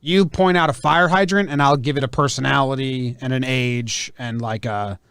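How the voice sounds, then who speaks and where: A man's voice: medium pitch, moderate pace, a bit bright, smooth, no echo, studio quality. A man hosting a casual podcast, talking loosely and hedging with lots of "like". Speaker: podcast host. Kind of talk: casual chat.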